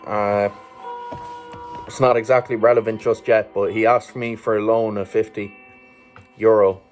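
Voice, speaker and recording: A man with an Irish accent tells a story in a low, level voice that barely rises or falls. His delivery is loose and rambling, full of fillers and swearing. Faint music plays softly behind him. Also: little pitch movement, measured pace. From Ireland. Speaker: vlogger. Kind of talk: casual storytelling monologue.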